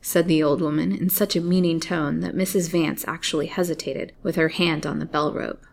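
A woman reading a chapter of an old serialized novel aloud, in a measured storyteller's manner. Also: low-pitched, level tone, creaky.

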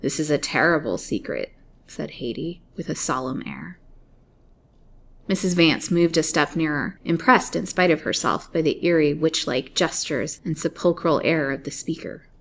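A woman reading a chapter of an old serialized novel aloud, in a measured storyteller's manner. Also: low voice.

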